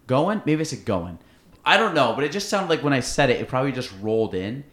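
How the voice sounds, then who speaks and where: A man's voice: mid-range voice, sing-song, fast, a bit bright. A man hosting a casual podcast, rambling and self-interrupting while he asks curious questions. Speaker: podcast host. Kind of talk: casual chat. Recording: roomy echo.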